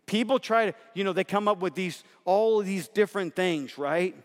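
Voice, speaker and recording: High-voiced man preaching in a hall. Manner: emphatic, leans on "right?", slows down to stress key words. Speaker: pastor. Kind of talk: sermon. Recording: long hall reverb.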